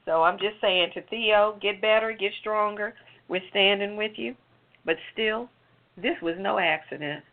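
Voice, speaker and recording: A woman's voice: mid-range voice, measured pace. A woman giving a heated, sarcastic commentary on a late-night talk show, firing off rhetorical questions. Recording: phone-like narrow sound.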